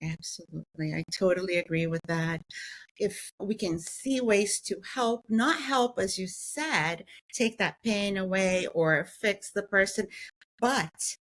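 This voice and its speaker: A woman's voice: mid-range voice, measured pace, a bit bright. A woman in a podcast conversation who speaks in an earnest, heartfelt way and lifts her voice when she quotes others.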